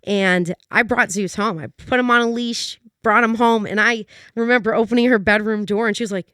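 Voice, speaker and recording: Lively young woman telling a story. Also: a little high, a little fast, clear, resonant tone, no echo, clean studio sound. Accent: New England American. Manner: animated, laughing often, acts out quotes. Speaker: guest, dog trainer. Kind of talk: casual storytelling chat.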